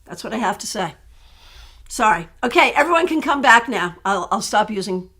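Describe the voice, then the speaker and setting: Woman, tarot reader on a live stream, slightly high voice, casual, animated and quick to laugh. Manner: chatty, animated, laughs often. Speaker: tarot reader answering viewer questions.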